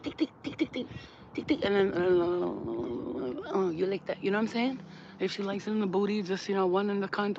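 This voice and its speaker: A woman talking straight to her phone camera, frank and lively, breaking into laughter and playful sound effects as she goes. The audio is slightly dull and lo-fi, with a faint hiss behind her voice. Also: mid-range voice. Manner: frank, animated, laughing often, acting things out with sounds. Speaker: vlogger. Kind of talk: casual to-camera chat. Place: at home while cooking.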